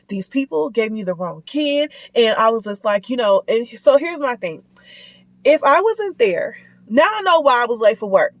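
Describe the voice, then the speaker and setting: A woman's voice: a little high, no echo. A woman telling a personal story in a casual, heated rant, indignant and repeating herself as she retells it. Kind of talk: casual ranting vlog.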